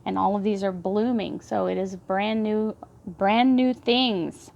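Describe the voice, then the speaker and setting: A woman with a Texas Southern drawl reads tarot cards in a gushing, excitable way. Her voice sits at an ordinary middle pitch. She breaks into delighted laughter and slips into soft, reverent prayers. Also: takes it slowly, vocal fry, lo-fi sound. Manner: effusive, prone to excited laughter and hushed prayers. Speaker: tarot reader. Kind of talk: tarot card reading.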